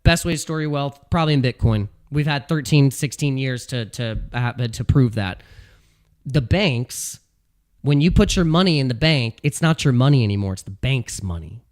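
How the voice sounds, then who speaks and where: A man giving casual commentary as a video host, animated and ranting, repeating phrases and laughing at his own jokes. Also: mid-range voice, moderate pace. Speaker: crypto YouTuber. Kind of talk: casual talking-head commentary.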